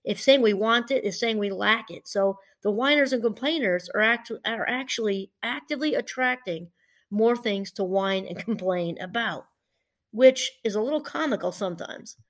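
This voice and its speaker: A middle-aged woman, a professor, talking casually and warmly about gratitude, rambling a little and laughing through her stories. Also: mid-range voice, normal speed. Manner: chatty, rambling, laughs while telling stories. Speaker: professor and podcast host. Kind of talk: casual motivational talk.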